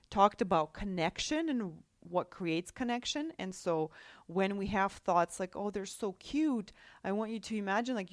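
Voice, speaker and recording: A woman's voice: lowish voice, dry recording, studio quality. A woman hosting a solo podcast as a life coach, talking casually with many restarts and a habit of asking "right?". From Russia.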